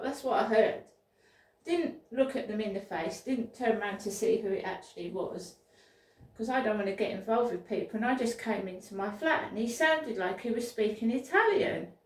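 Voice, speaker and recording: A woman, telling a rambling personal story in a casual vlog, often repeating words and restarting sentences. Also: on the high side. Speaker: vlogger. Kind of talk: casual spoken diary. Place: indoors at home. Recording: roomy, from a distance.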